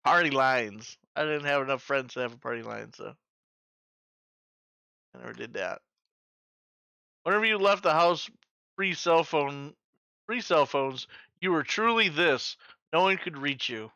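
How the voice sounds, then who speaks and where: A man's voice: fairly high pitch, expressive, unhurried, vocal fry, long pauses, pushed and bright, no echo. A man in his forties hosting a trivia night in casual chat, joking, swearing freely and making sound-effect noises. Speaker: trivia host.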